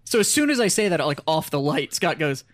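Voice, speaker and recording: A man's voice: fairly high pitch, sing-song, a little fast, dry recording. A man on a podcast telling stories in casual chat, swearing freely and acting out what people said. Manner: profane, storytelling, acts out quoted dialogue. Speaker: podcast co-host.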